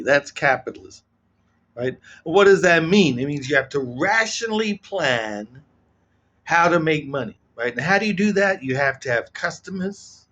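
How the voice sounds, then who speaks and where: A man giving casual, animated political commentary, often checking in with "right?". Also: a little high, normal speed, muffled recording. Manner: animated, keeps asking "right?".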